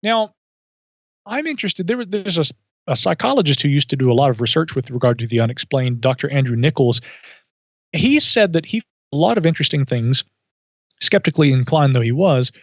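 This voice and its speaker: A man as a podcast guest, telling a story in a thoughtful, measured way with asides and self-corrections. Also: mid-range voice, animated, no echo. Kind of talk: reflective storytelling in conversation. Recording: dull lo-fi audio.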